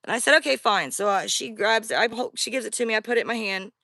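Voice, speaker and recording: A woman tells her own eerie story in a loose, rambling chat, speaking straight to her audience. Her voice is bright and forceful. The recording is close and dry. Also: on the high side, lively intonation, quick pace, no echo. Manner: chatty, rambling, addresses viewers directly. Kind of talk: casual first-person storytelling.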